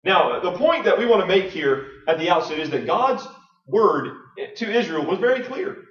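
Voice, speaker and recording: A man with a high voice preaches an earnest sermon, stumbling through fillers and restarts as he works through scripture. He sounds set back from the mic, and the sound is muffled and roomy, like a church hall. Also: big pitch swings, normal speed, a bit bright, recorded from a distance.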